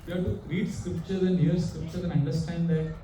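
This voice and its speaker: A man preaches in an animated way, asking his listeners questions as he goes. His voice is fairly high for a man yet mellow in tone. The recording is roomy and distant, with a faint background hum. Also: a little fast. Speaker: monk preacher. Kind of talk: sermon with storytelling. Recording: echoey room, mic far off.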